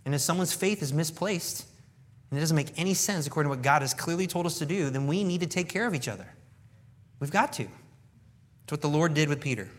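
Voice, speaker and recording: A male pastor preaching a sermon in an animated way, acting out dialogue from scripture. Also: a little high.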